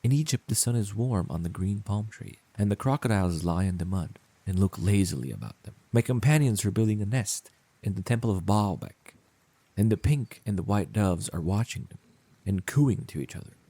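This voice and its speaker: Tender loyal swallow, man reading; gentle, pleading, dry close sound. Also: on the low side, animated, moderate pace, slightly rough, no echo. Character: kind-hearted male swallow, small and loyal.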